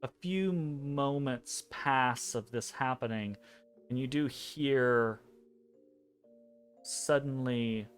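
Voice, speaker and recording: A man narrating a dream scene as game master of a tabletop game, measured and hesitant, pausing between phrases. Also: medium pitch, clear, resonant tone. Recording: soft music behind.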